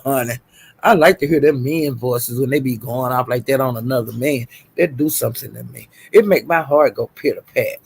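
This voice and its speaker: A man's voice: mid-range voice, lively intonation, moderate pace, creaky, breathy edge, no room sound. A man livestreaming, telling gossip in a casual chatty way, laughing often and calling out "child" and "honey".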